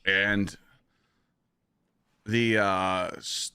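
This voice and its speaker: A hoarse man chatting casually on a live stream and telling a story with animated energy. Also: low voice, very slow, no room sound. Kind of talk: casual chat.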